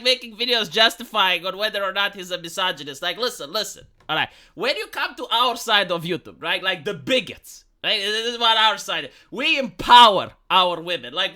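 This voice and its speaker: Bright-voiced sarcastic male commentator. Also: high-pitched. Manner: rambling, sarcastic, profane, many restarts. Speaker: YouTube commentary host. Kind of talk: casual reaction commentary.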